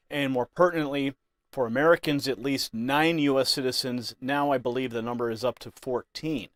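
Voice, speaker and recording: A man's voice: mid-range voice, dry recording. A man presenting scripted news commentary with a dramatic, emphatic delivery.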